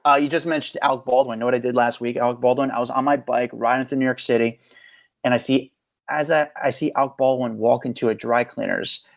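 Male co-host, gravelly voice, quick talker, dry close mic, lively storyteller. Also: medium pitch, no echo. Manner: animated storyteller, acts out quotes. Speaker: podcast co-host. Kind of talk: casual chat.

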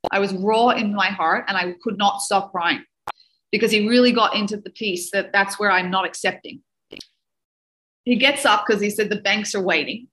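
Bright-voiced woman telling a heartfelt story. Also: medium pitch, moderate pace, rough recording. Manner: emotional, animated storytelling, mixing in Hebrew and Yiddish terms. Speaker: dating coach and speaker. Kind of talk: personal storytelling in a podcast interview.

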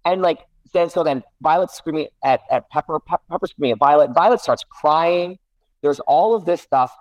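A man's voice: fairly high pitch, normal speed, no room sound, dull audio. A middle-aged man, a guest parent, telling a casual story with many restarts and self-corrections. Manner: rambling, self-correcting, animated.

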